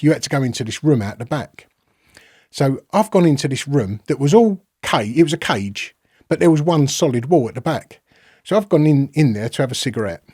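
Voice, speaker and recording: A London man appearing as a podcast guest tells a rambling, casual story, swearing freely and acting out quoted exchanges. His medium-pitched voice is a little mellow, captured in a dry, studio-quality recording.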